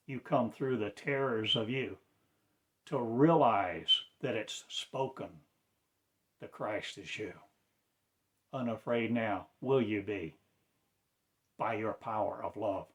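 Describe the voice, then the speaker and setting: A man preaching in a slow, declamatory way, with sudden loud rises in his voice. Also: on the low side. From United States. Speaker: self-styled spiritual teacher. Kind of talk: impassioned preaching.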